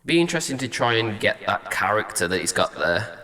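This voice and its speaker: A man's voice: lowish voice, big pitch swings, a little fast, pushed and bright, in a large hall. A male singer-songwriter chatting casually as he reacts to a song and tests vocal ideas at a studio mic. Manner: thinks aloud, trying out vocal ideas.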